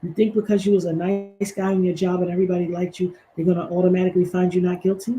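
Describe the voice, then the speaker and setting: A woman's voice: on the low side, flat delivery, fast, warm tone, faint music behind, low-quality recording. A woman hosting a livestream. She talks emphatically and preaches, with sassy asides. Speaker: commentary host. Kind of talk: animated livestream commentary.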